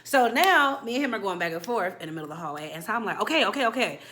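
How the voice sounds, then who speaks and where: Bright-voiced woman telling a story. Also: medium pitch, racing, a little hiss or hum. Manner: animated, slangy, acts out quotes. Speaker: storytime vlogger. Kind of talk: casual storytelling.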